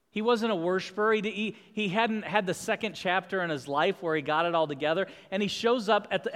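A man's voice: sits high, fairly bright tone. A man pastor preaching a sermon in a church, building emphatic repeated refrains. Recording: long hall reverb.

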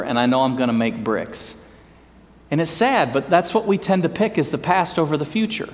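A man preaching a sermon in an animated, folksy way, often asking his congregation questions. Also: on the high side. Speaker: pastor. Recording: long hall reverb.

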